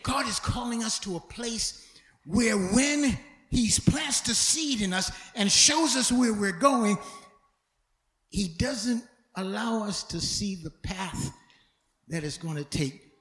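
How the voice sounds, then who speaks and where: High-voiced preacher in an echoey church. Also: male voice, expressive, slow pace. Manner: dramatic, swinging from loud shouts to hushed tones; stumbles and repeats words as he talks. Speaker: pastor. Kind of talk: sermon.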